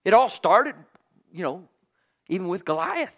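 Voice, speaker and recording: A man preaching a sermon with great passion, swinging from loud cries to hushed whispers. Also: sits high, very animated, unhurried. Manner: impassioned, swings from shouting to whispers.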